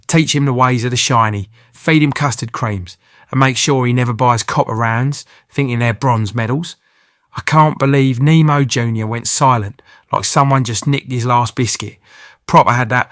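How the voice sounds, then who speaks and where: A man's voice: medium pitch, moderate pace, fairly bright tone, no echo, clean studio sound. A man gives cheeky, slang-filled comic voice-over narration as a channel host. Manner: cheeky banter with British slang.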